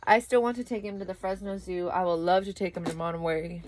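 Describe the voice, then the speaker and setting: A young woman talks in a loose, rambling way, sounding worn out. Her voice sits a little low. Faint noise hums behind her. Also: fast. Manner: rambling, chatty, breaks off to talk to her toddler. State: tired. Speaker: vlogger. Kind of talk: casual chat to camera.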